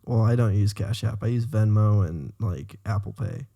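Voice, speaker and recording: A man's voice: lowish voice, normal speed, vocal fry, mellow. A man co-hosting a casual podcast, bantering in an easygoing, joking way. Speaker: podcast co-host. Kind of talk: casual chat.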